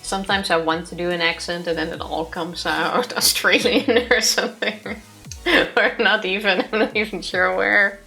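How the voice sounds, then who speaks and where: A woman's voice: medium pitch, fairly even intonation, normal speed, gravelly, bright, forceful tone, faint music behind. A woman co-host with a Dutch accent, a native Dutch speaker, chatting casually, laughing easily and trailing off mid-sentence. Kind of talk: casual chat.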